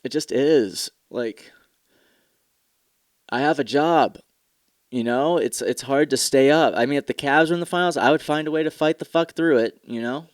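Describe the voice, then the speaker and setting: A man's voice: medium pitch, moderate pace, no room sound. Profane, rambling man on a dry mic. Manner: candid, profane, rambling with mock commercial voices. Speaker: podcast host. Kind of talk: casual solo podcast talk.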